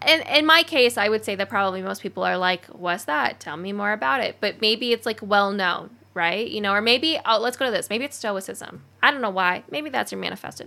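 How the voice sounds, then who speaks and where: Bright, chatty woman hosting. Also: on the high side, gravelly. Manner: chatty and animated, many fillers. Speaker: podcast host. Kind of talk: casual chat.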